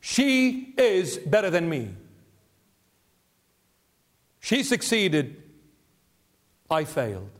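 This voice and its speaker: A preacher voicing a humble old male monk in a retold story, speaking slowly and sorrowfully. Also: sits high, huge pitch swings, exaggerated voice.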